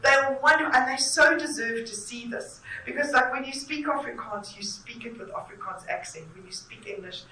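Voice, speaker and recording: A woman's voice: on the high side, a little fast, few pauses, bright, forceful tone, slight background noise. A woman interviewing theatre makers, talking effusively and at length. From South Africa. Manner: effusive, talkative. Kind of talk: enthusiastic conversational interview. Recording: echoey room, mic at a distance.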